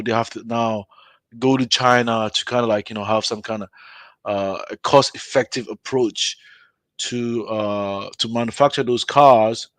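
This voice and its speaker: A man weighs in on a casual online debate, hesitant and full of restarts. His mid-pitched voice sounds dry and close to the mic. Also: no room sound. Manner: hesitant, many fillers and restarts. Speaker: panel guest.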